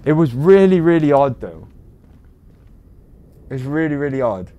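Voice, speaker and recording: A man's voice: a little high, sing-song, measured pace, warm tone, muffled recording. A man with a British accent, chatting casually to viewers while livestreaming a game, rambling with lots of ums and uhs. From Britain. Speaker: game streamer.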